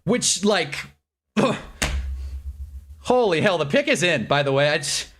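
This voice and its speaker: Stream host, excitable man with a high, very lively voice, rambling. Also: normal speed. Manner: excitable, rambling, laughs often. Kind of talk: live draft reaction stream.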